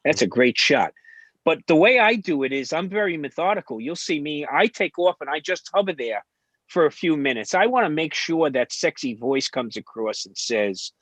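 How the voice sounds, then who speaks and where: A man's voice: on the high side, lively intonation, moderate pace, a bit bright, no echo. An older man co-hosting a casual talk show, chatty and emphatic. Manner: chatty, emphatic, says yeah often.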